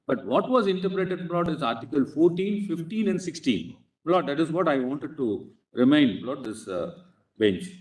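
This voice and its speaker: A man's voice: a little high, expressive, normal speed, darkish tone, distant mic. A man with an Indian English accent, arguing a case before a bench of judges and insistently addressing them as "my lord" at nearly every phrase. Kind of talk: courtroom legal argument. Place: courtroom. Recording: echoey courtroom webcast, speaker off-mic.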